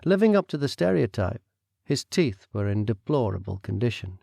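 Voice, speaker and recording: A male narrator reads a dark comedy with a wry, measured delivery. His voice carries a gravelly grain and an animated lilt. It sounds close and dry, with no room around it. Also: mid-range voice, no room sound. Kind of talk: audiobook narration.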